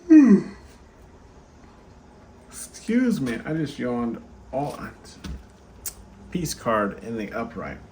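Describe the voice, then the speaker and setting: Speaking slowly at a medium pitch, a weary channel host does a relaxed tarot reading. He addresses viewers directly in a chatty way, filler after filler, with steady noise in the background.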